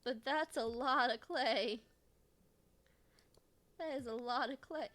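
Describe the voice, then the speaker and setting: A woman's voice: high voice, slow, pauses often, a bit bright. A woman streamer giving casual let's-play commentary, rambling to herself with frequent restarts and giggles. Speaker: game streamer.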